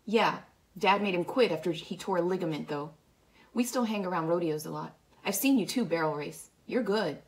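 A woman's voice: on the low side, normal speed, natural voice. Woman reading a shy young teen boy.

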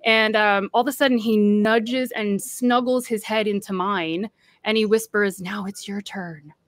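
A woman's voice: medium pitch, fairly even intonation, unhurried, no room sound. A woman guest recounting a personal story in earnest, acting out the voices of people she quotes.

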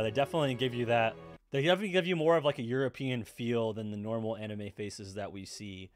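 A man casually reacting to an anime episode, excitable, swearing and laughing often as he talks. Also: medium pitch.

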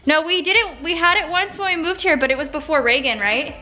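A woman's voice: high-pitched, a little fast, bright, forceful tone, faint music behind. A young woman chatting casually at home to a handheld camera, rambling and correcting herself as she goes. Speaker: vlogger. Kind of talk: casual vlog chat.

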